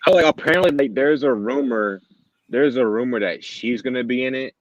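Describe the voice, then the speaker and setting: A man chatting casually as a co-host, excitable, laughing a lot and swearing freely. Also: medium pitch, a little fast, no room sound, dull audio. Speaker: podcast co-host. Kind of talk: casual chat.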